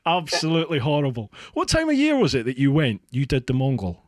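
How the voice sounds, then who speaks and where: A man hosting a casual podcast chat, chatty and quick to laugh. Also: fairly high pitch, sing-song, dry recording, studio quality. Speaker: podcast host.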